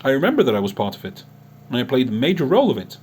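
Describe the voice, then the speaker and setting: A man's voice: mid-range voice, huge pitch swings, rapid-fire, a little mellow, slight background noise. A man addressing a critic in an unscripted online monologue, earnest and emotional, often restarting his sentences. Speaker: online Islamic preacher and chat-room admin.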